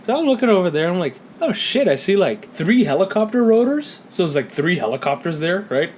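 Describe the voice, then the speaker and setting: Male podcast co-host, animated and profane storyteller, light background noise. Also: high voice, fairly quick. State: sleepy. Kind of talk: casual chat.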